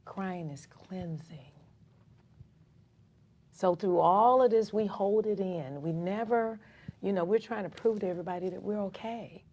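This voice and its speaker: A woman's voice: medium pitch, normal speed, muffled recording. A woman from Atlanta, a community activist, telling her own story in a casual interview and acting out the voices of other people. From Atlanta, Georgia. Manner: animated storyteller who acts out dialogue.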